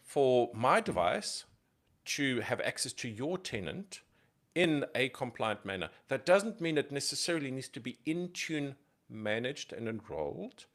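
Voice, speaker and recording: A man's voice: mid-range voice, big pitch swings, a little slow, fairly bright tone. A man co-hosting a tech podcast, explaining security ideas emphatically with lots of rhetorical questions. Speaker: podcast co-host.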